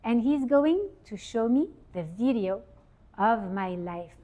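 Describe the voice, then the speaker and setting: A woman giving an informal religious talk at a holiday event, lively and asking her listeners questions. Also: on the high side, takes it slowly, phone-quality sound. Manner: lively, asks the audience questions. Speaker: speaker giving a Torah talk. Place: event hall with audience.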